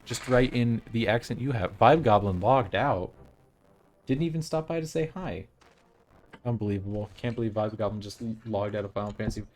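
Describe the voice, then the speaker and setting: A man's voice: on the low side, animated, fairly quick, a little mellow, slight background noise. A young man chatting casually on a live stream while playing a game, rambling and opinionated, with frequent restarts.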